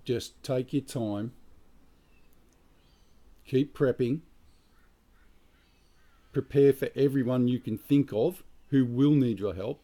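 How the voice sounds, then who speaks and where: A man's voice: mid-range voice, takes it slowly, long pauses, dark tone. An Australian man giving blunt, emphatic prepping advice outdoors in a casual monologue, swearing freely. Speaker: prepping vlogger. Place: outdoors near trees.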